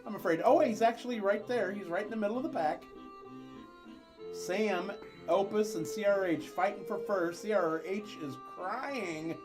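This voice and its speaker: A man's voice: high-pitched, moderate pace, over music. A man co-hosting a casual livestream, rambling in chat and calling races with playful jokes. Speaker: livestream co-host.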